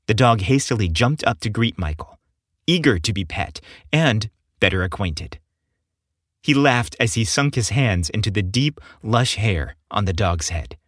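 A man narrating an audiobook story in a slow, expressive reading. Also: fairly low pitch, dry recording, clean studio sound.

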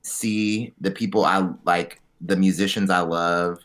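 A man co-hosting a podcast in casual chat, telling profane, animated stories with quick asides. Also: low-pitched. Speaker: podcast co-host.

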